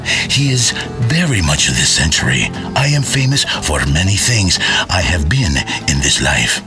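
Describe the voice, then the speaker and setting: An actor playing a grandiose, boastful male talk radio host with a raspy voice, in a game radio comedy. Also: deep voice, very animated, unhurried, music in the background, full character voice. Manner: pompous, boastful, theatrical.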